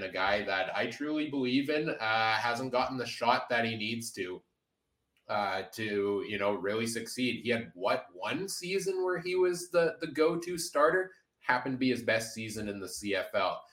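A man's voice: lowish voice, a bit bright, roomy sound, poor audio. A man hosting a casual sports podcast roundtable, analytical and steering the talk, with frequent "uh" fillers. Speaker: podcast host.

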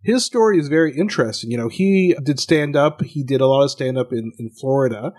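A man's voice: mid-range voice, fairly quick, darkish tone. A man hosting a podcast, telling a story in an easy conversational way with filler words like "uh" and "you know.".

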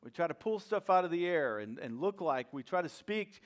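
Animated male pastor telling a story. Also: a little high, moderate pace. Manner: storytelling, animated, with self-deprecating humor. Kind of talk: sermon.

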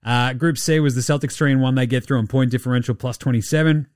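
A man with a mid-pitched voice runs a casual basketball recap from a dry, close-miked spot. He is irreverent and sweary, and he keeps the chat rolling with cheeky asides. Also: fairly even intonation, quick pace, darkish tone, dry recording. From Australia. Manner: irreverent, sweary, does mocking voices of players. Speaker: podcast host.

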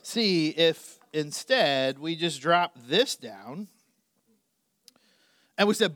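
A middle-aged male pastor preaching a sermon, animated, swinging between loud emphasis and quiet asides. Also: high voice, slow, dry recording, clean studio sound.

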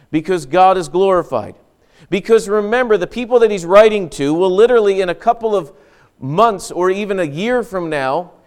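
A man's voice: high-pitched, clean tone. A man pastor preaching an earnest, emphatic sermon with frequent restarts.

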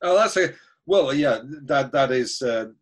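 A man hosting a casual podcast interview, making dry jokes and talking haltingly, with many restarts. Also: mid-range voice, animated. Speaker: podcast host.

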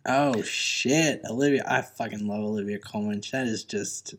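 Man reacting with quick exclamations. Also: lowish voice, fairly bright tone. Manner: reacts with short exclamations and quips. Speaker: podcast co-host. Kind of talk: casual chat.

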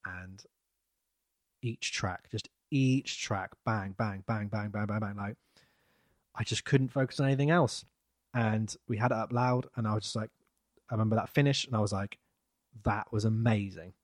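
A man, chatting casually as a podcast co-host, rambling and trailing off softly. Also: fairly low pitch, moderate pace, dry recording, studio quality. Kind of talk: casual chat.

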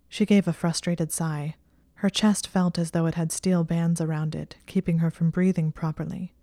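Brief: steady storybook narrator, woman, darker warm tone. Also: deep voice, moderate pace, no echo, clean studio sound. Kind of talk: audiobook reading of fan fiction.

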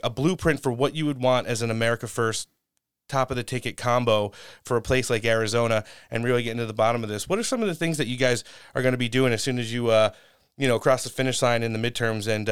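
A man's voice: mid-range voice, clear, resonant tone, dry recording, clean studio sound. A young man hosting a political interview, talking casually with lots of fillers. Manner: casual, rambling, many fillers. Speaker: interview host.

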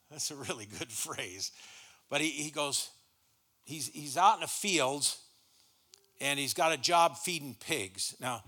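A man's voice: medium pitch, sharp tone. A middle-aged man preaching a sermon in a church, folksy and stumbling over repeated words as he starts his sentences. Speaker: guest pastor.

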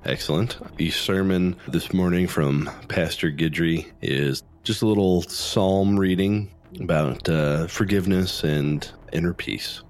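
A man's voice: sits low, measured pace, faint music behind. A man acting as game master for a tabletop role-playing game, improvising in an easygoing, playful way.

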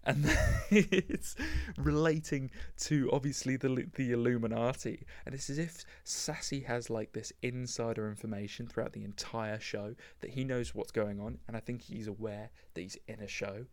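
A man's voice: medium pitch, steady tone, normal speed. A man hosting a casual solo podcast, rambling enthusiastically with lots of fillers. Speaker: podcast host.

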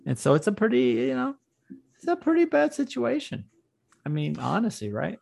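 Blunt, swearing young man with gravel. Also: very high-pitched, huge pitch swings, moderate pace, darkish tone. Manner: blunt, swearing, laughs often. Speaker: podcast co-host. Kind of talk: casual political chat.

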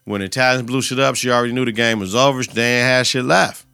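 Male podcast host, bright gravelly voice, dry close sound, slangy profane recap. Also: medium pitch, steady tone, fast, no echo. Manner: profane, slangy retelling with quoted lines. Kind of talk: casual TV episode recap.

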